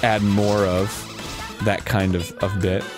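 A man's voice: on the low side, little pitch movement, slow, music in the background. A man co-hosting a casual chat, telling a rambling story with lots of restarts. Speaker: co-host.

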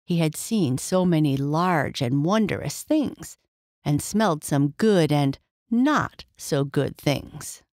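A woman's voice: sits low, expressive, darkish tone, no room sound, clean studio sound. A woman narrating a bedtime story for children in a soothing way. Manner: soothing, slow.

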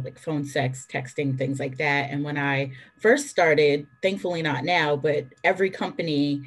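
A woman on a discussion panel who speaks candidly and in a storytelling way, with brisk asides. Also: deep voice. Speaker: phone sex worker on a panel.

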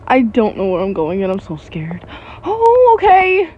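A woman's voice: mid-range voice, wildly swooping pitch, a little slow, muffled recording, slight background noise. A woman YouTuber giving casual gameplay commentary, jumpy and giggly with frequent startled exclamations.

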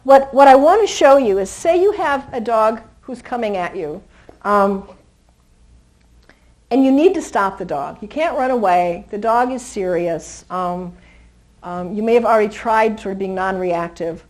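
A woman dog trainer giving a live seminar in an animated, chatty way, laughing easily and cooing at the dogs. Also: medium pitch, measured pace, low-quality recording. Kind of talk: live teaching talk to an audience.

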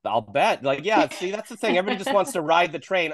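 A man's voice: high-pitched, big pitch swings, fast, few pauses, dry recording. A man hosting a casual, joking interview with a film cast over a video call. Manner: joking, playful banter.

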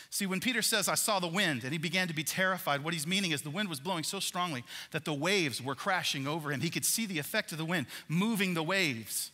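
A man delivers a sermon to his congregation with lively animation, frequently turning questions back on his listeners. His slightly high voice rings bright and forceful. The long reverb of a large church worship center surrounds the sound.

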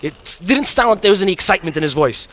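Fast, bright-voiced man telling a profane story. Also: high voice. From Connecticut, United States. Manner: profane, animated storyteller, acts out voices of others. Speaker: guest poker player. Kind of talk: casual storytelling among friends. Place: poker tournament venue.

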